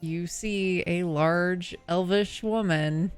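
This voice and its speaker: A woman's voice: fairly low pitch, slow, smooth, faint music behind. A woman narrating as game master of a tabletop game, hesitant and full of fillers.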